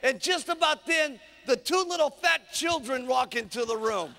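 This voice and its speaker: Energetic man speaking at a rally, high gravelly voice, long hall reverb. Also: moderate pace, a little hiss or hum. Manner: energetic, punchy, keeps asking "okay?". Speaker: motivational speaker. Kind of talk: motivational seminar talk.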